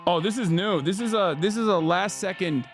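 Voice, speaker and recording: A man in his thirties giving sarcastic, incredulous livestream commentary on posts, jumping to sudden high exclamations. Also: moderate pace, faint music behind. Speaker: streamer reacting to posts.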